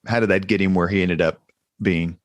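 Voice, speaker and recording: A man hosting a podcast, asking curious, measured questions of his guest. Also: sits low, fairly even intonation, no room sound. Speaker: podcast host.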